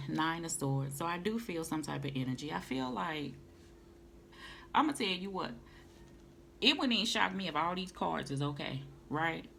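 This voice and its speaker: A woman's voice: low-pitched, vocal fry. A woman, doing a casual tarot reading and calling the listener honey and baby. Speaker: tarot reader. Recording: noisy home recording.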